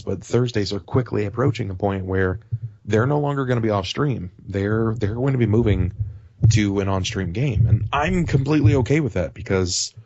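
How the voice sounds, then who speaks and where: Podcast guest, male, deep-ish voice, game-master type, rambling casual chat, dry lo-fi sound. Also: gravelly, slightly rough, dry recording. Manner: animated, rambling, swears casually.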